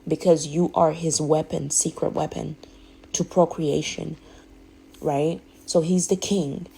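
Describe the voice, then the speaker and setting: A woman's voice: deep voice, steady tone, slow, creaky, dark tone, husky, poor audio. A woman speaking candidly in a rambling, emphatic way, often restarting her sentences. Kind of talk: candid personal monologue.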